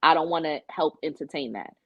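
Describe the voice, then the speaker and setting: A woman's voice: sits low, fairly quick, no echo. A young woman, co-hosting a podcast and telling her dating stories candidly, swearing freely. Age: young adult. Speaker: podcast co-host. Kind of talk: casual chat. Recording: dull lo-fi sound.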